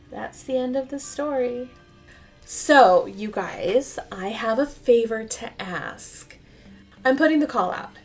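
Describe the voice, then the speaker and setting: A woman's voice: a little high, animated, slow, a little mellow, soft background music. A woman hosting a bedtime comedy podcast, chatting casually with fillers. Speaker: podcast host. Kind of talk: bedtime comedy story narration.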